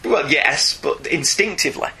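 A man's voice: a little high, vocal fry, low-quality recording. A man co-hosting a comics podcast, chatting enthusiastically and animatedly. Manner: enthusiastic, animated, quick laughs. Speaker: podcast co-host. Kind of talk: casual chat about comics.

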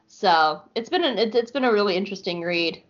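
A woman co-hosting a podcast chats casually about a cartoon series, laughing often and using plenty of fillers. Her mid-range voice is animated and brisk. The recording sounds dull and lo-fi.

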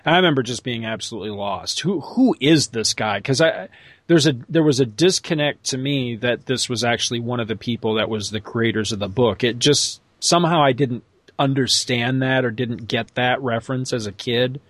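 A man's voice: medium pitch, normal speed, fairly bright tone, no echo. A middle-aged man co-hosting a comics podcast, musing in a rambling, hesitant way. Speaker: podcast co-host. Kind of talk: casual comics chat.

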